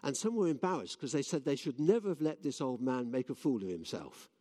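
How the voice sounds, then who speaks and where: A man preaches fairly quickly in a sing-song, warm, mid-range voice, earnestly telling stories and often restarting. The sermon takes place in a church, with the hall's lengthy reverb audible.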